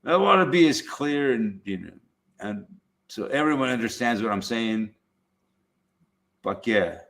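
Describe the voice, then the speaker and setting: A man's voice: medium pitch, animated, a little slow, creaky, a bit bright. A man from Southern California hosting his own YouTube channel, chatting casually in a blunt way, swearing freely and laughing often. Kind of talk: casual chat.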